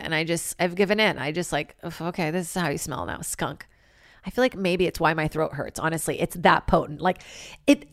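A woman hosting a comedy podcast alone, rambling and swearing freely and switching into loud acted-out quotes. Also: fairly low pitch, no echo, studio quality. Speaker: podcast host. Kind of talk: casual solo comedy podcast monologue.

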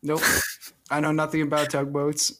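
A man co-hosting a podcast, delivering absurd jokes in a deadpan way. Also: on the high side, normal speed, a little hiss or hum. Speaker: podcast co-host. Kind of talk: casual chat.

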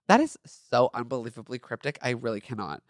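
A man's voice: medium pitch, sing-song, fairly quick, dry recording, studio quality. A man hosting a podcast, reading his own fan fiction aloud and breaking off into campy, sassy asides. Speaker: podcast host.

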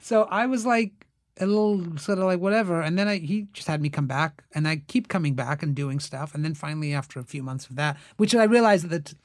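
Animated man telling a story in a dry room. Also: on the high side, a little fast, hardly any pauses, dry recording. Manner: animated, acts out quoted voices, many fillers. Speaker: guest, actor. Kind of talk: casual interview storytelling.

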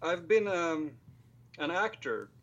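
Young Swedish man with lively pitch. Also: slow, highs cut off, a little hiss or hum. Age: 20s. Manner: self-deprecating, hesitant with fillers. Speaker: guest filmmaker. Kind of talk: casual chat.

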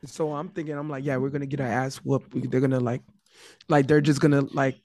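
A man's voice: medium pitch, flat delivery, quick pace, a little mellow, dry recording. A man in casual chat, stammering and repeating himself, with lots of slang.

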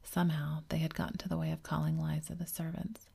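Whispered story reader, woman, husky low voice, flat delivery. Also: fast talker. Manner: whispered throughout.

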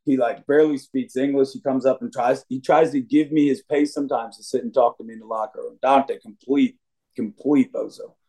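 A man's voice: medium pitch, steady tone, fairly quick, mellow. A young adult man, a wrestler being interviewed on a podcast, talking in a brash, cocky, trash-talking way. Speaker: wrestler guest.

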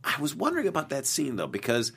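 A man's voice: fairly high pitch, huge pitch swings, quick pace, gravelly, fairly bright tone, slightly rough. A man co-hosting a casual chat show, teasing his partner and laughing often. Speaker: co-host.

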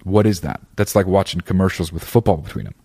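Deep-voiced man ranting profanely. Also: animated, fast, vocal fry, darkish tone, husky. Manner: profane, rambling, opinionated; frequent fillers and restarts. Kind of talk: casual monologue.

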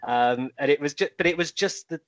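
A man's voice: on the high side, a little fast, a bit bright, no room sound. A man telling anecdotes in a casual podcast chat, with plenty of ums. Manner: storytelling, full of ums.

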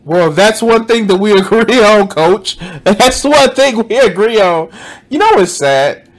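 A man gives casual reaction commentary over a video. He sounds exasperated and swears freely. His voice rides a little high, swings widely in pitch and moves at an unhurried pace. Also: expressive. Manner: exasperated, swears often, frequent "like".

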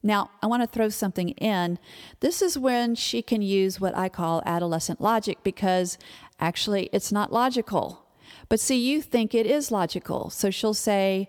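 Casting: woman parenting speaker, mid pitch, conversational and emphatic, long hall reverb. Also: moderate pace, a little mellow. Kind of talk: instructional talk to parents.

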